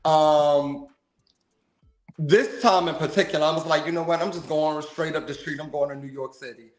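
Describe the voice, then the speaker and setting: A man's voice: a little high, moderate pace, echoey room. A male comedian telling stories in a casual, slangy, laughing way on a livestream. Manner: animated storyteller, slangy, laughs often. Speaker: touring comedian, guest.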